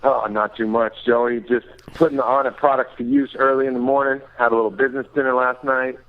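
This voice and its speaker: A man's voice: medium pitch, flat delivery, a little fast. A man calling into a podcast, chatting casually and upbeat. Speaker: caller. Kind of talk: casual phone chat. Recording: tinny phone line.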